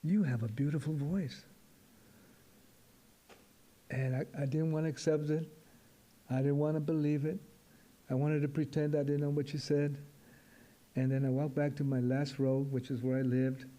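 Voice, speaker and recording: An older man, a poet, giving a reflective storytelling talk to an audience in a halting, repetitive, musing way. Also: medium pitch, little pitch movement, warm tone.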